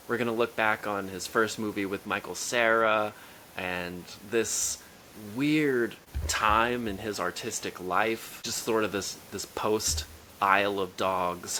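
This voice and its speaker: A man co-hosting a podcast, chatting casually and enthusiastically about a film, rambling with quick restarts. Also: lowish voice, pushed and bright, slight background noise, poor audio. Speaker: podcast co-host. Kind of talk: casual film review chat.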